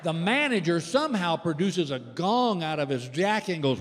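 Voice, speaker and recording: An older man with a drawl spins folksy stand-up stories and acts out every quoted voice. His voice sits a little high and rings with long reverb from a big hall. A faint hum of ambience sits under it. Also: big pitch swings, moderate pace, hardly any pauses. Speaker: stand-up comedian. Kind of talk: stand-up storytelling. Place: large live venue with audience laughter. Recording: live stage recording with hall reverb.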